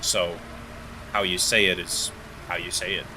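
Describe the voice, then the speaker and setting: A young Canadian man with an East Coast accent, chatting fast and jokingly with viewers while he streams a game, full of slang and banter. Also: low voice, flat delivery, noisy background. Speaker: livestream gamer. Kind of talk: casual chat with chat while gaming.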